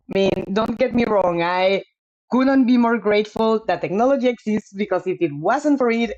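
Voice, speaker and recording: A woman streaming a video game live, chatting casually with her viewers, apologetic and quick to laugh. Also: medium pitch, a little mellow, dull audio.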